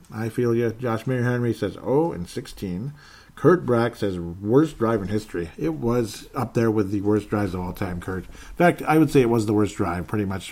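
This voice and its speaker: Chatty low-voiced man hosting. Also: darkish tone. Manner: chatty, laughs often, reads comments aloud; puts on a joking Canadian accent briefly. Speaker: podcast host reading listener comments. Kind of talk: casual sports podcast chat.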